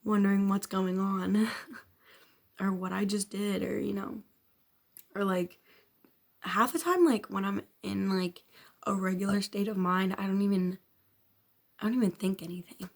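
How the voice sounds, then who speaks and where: A woman's voice: medium pitch, fairly even intonation, measured pace, vocal fry, pauses often. A young woman vlogging a frank personal confession, rambling with constant filler words and casual swearing. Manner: frank, self-questioning, occasional nervous laughs.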